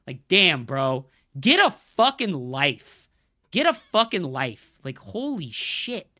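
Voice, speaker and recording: A man's voice: a little high, sing-song, takes it slowly, sharp tone, no room sound, clean studio sound. A man streaming a strategy game live, ranting at his chat in a profane, scolding way. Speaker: streamer and coach.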